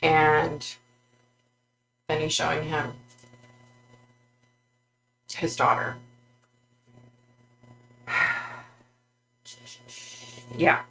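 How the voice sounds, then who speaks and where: A woman vlogger tells of a psychic vision in a halting, filler-heavy way. Her voice sits a little low, with a gravelly, fry-laden edge and a sharp, tense brightness. A faint hum runs underneath. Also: monotone, rough recording. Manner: halting, full of fillers and restarts.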